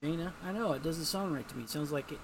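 A man's voice: on the high side, fast, noisy background. A man co-hosting a casual podcast, recapping a comic in a rambling way and acting out the characters' lines in a raised voice. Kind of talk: casual chat.

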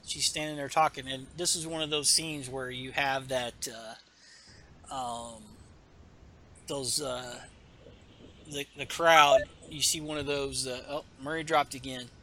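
A man's voice: medium pitch, steady tone, measured pace, sharp tone. A man hosting a podcast, recapping a comic book in casual chat with rambling asides and many fillers. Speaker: podcast host.

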